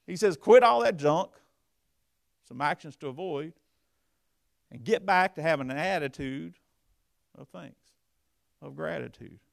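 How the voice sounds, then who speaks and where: A man with a heavily gravelly, creaky voice preaches a sermon, close and dry on the mic. He swings from low, confiding asides to loud, emphatic bursts. His pitch sits in an ordinary middle range for a man. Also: measured pace, pauses often, no echo. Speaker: pastor.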